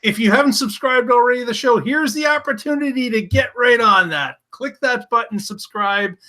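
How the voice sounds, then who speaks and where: A man's voice: extremely high pitch, normal speed, sharp tone. A man hosting a casual panel show over a video call, upbeat and joking as he introduces the panel. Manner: upbeat, jokey, emcee-like. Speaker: show host.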